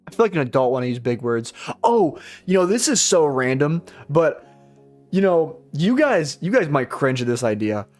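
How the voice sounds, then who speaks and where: A man's voice: fairly high pitch, big pitch swings, normal speed, a little mellow, faint music behind. A young man trading on a live stream, rambling casually, swearing often, and poking fun at himself. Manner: rambling, profane, self-deprecating. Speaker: live-stream futures trader.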